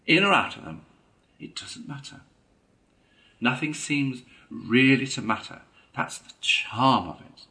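A man voicing a gentle, enthusiastic male water rat in a storybook reading, talking in a dreamy, hearty way. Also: mid-range voice, animated, measured pace, gravelly, voice pushed up, heavily acted.

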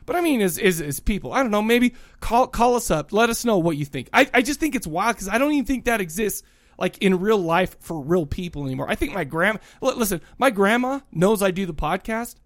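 A man co-hosts a podcast, chatting casually and rambling, often restarting his sentences. His voice sits high, animated and brisk, in a dry, clean studio recording.

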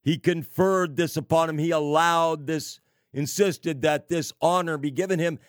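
A man preaching on prophecy, slow and emphatic, with sarcastic asides and wry laughs. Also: fairly high pitch, steady tone, dry recording, studio quality. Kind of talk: prophecy sermon.

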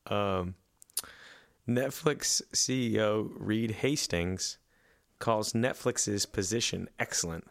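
A man's voice: lowish voice, slow pace, gravelly, dry recording. A man co-hosting a casual podcast, reading news headlines aloud and quipping about them. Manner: reads headlines aloud, then laughs and quips.

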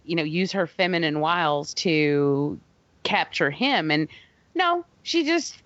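A woman's voice: sits low, animated, takes it slowly, a bit bright, no room sound, lo-fi sound. A woman co-hosting a casual movie review chat, emphatic and laughing often. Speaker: podcast co-host.

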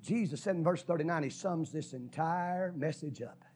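Preacher, male, husky and slightly high, folksy sermon delivery with shouts and whispers. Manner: preaching with sudden shouts and drops to a whisper, folksy, drawn-out stresses. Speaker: pastor.

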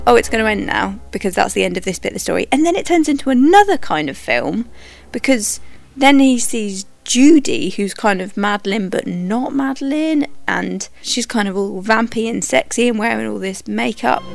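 A woman reviewing a film for a podcast, talking candidly and with animated opinions. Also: fairly high pitch, normal speed, vocal fry. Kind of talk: conversational narration.

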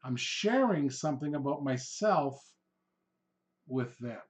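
Middle-aged male podcast host, conversational teaching delivery, mid-pitched, plays out customer dialogue. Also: expressive, slow. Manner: conversational, acts out quoted customer exchanges. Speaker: real estate trainer, podcast host. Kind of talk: instructional talk.

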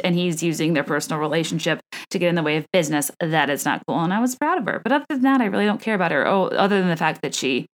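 Rambling, chatty woman podcast host. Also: sits low. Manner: chatty and rambling, many asides and restarts. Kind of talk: solo celebrity gossip chat.

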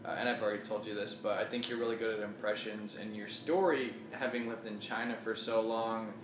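A man's voice: on the low side, fairly even intonation, a little fast, reverberant, background noise. A man hosting a podcast, eager and encouraging toward his guest. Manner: eager, encouraging, laughs easily. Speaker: podcast host, comedian. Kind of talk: casual podcast conversation.

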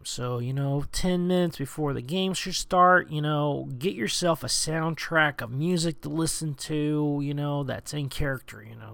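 A man with a gravelly edge talks off the cuff as a show host, filling his sentences with "you know" and "uh". His voice sits at an ordinary middle pitch. The sound is close and dry. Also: fairly bright tone, dry recording. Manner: chatty, rambling, with frequent "you know" and "uh". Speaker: podcast host giving roleplaying tips. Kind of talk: casual tips monologue.

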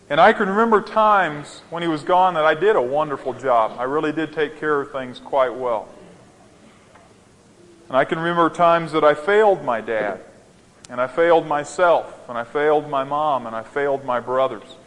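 Man, pastor, sermon, unhurried gentle delivery, slightly high voice, long hall reverb. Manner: slow, gentle storytelling with rising emphasis.

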